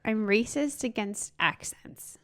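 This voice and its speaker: A woman co-hosting a comedy podcast, chatting casually with blunt, crude, deadpan remarks. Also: on the high side, slow. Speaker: podcast co-host, comic.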